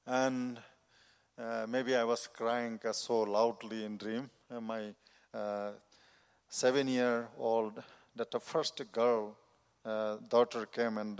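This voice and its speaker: A man's voice: medium pitch, level tone, clean tone. Earnest man giving testimony in a reverberant hall. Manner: earnest, halting non-native phrasing. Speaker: missionary preacher. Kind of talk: personal testimony. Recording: long reverb of a large hall.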